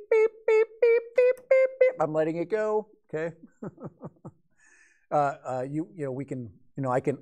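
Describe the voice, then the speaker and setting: A man's voice: medium pitch, dark tone. A man in his fifties hosting a casual live stream, rambling and joking with viewers in chat as a hobby drone pilot. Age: 50s.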